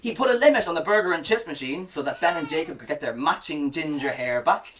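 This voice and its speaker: A woman telling a story to children at a live event, warm and speaking directly to her young listeners. Her pitch rises and falls in a lively, animated way. She sounds like she is performing in a home or school. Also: fast, distant mic. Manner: warm, sing-song, directly addressing children.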